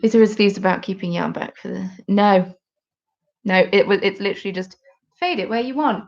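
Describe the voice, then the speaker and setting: A woman's voice: medium pitch, brisk, creaky, lo-fi sound. A woman hosting a knitting podcast live, chatting casually and rambling while she knits and reads out viewer comments at home. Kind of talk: casual live-stream chat.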